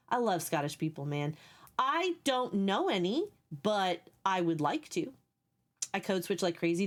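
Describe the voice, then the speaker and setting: Brief: youthful-voiced Texan woman streamer, casual and profane, chatting with her viewers. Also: medium pitch. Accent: Texan Southern. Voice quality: youthful-sounding voice. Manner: candid and profane, with quick asides. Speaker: livestreamer.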